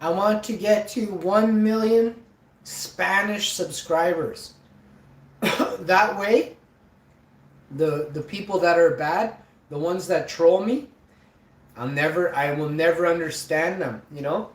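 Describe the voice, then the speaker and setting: Slow jokey man, roomy echo. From Canada. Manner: jokey, drawn-out words with sudden high yelps. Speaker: live streamer. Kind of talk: rambling live-stream chat.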